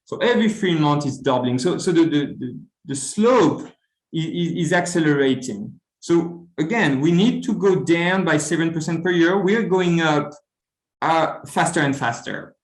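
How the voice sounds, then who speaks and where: Higher-voiced man lecturing in an echoey room. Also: lively intonation, normal speed. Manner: earnest, with frequent stuttered word repeats. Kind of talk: academic seminar talk.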